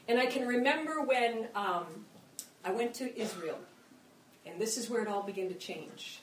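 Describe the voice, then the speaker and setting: Middle-aged female preacher, fervent and chatty, fairly high voice, distant mic in a roomy hall. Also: moderate pace, background noise. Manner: impassioned, conversational, acts out quoted prayers. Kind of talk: sermon. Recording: echoey room, mic at a distance.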